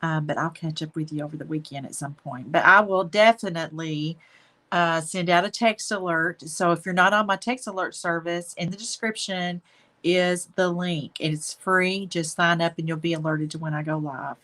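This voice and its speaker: A woman's voice: fairly low pitch, fairly even intonation, normal speed. A woman hosting a live painting stream, chatting affectionately with viewers as she wraps up. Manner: warm, affectionate, chatty, says y'all. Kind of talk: casual live-stream chat.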